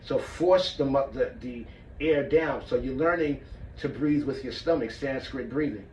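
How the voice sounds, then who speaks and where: A man's voice: mid-range voice, measured pace, a little mellow, a little hiss or hum. A man teaching martial arts breathing, casual and checking in with his listeners as he demonstrates. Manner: casual, demonstrates as he talks, checks in with "all right?". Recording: echoey room, mic far off, muffled.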